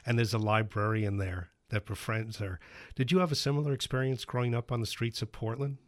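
A man interviewing an author, asking careful, measured questions. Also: medium pitch, steady tone, dry recording, studio quality.

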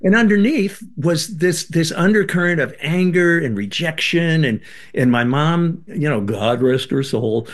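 Older guy telling his story on an interview, lively, does the voices. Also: on the high side, unhurried. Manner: animated, acts out quoted voices. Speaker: guest, former band member and author.

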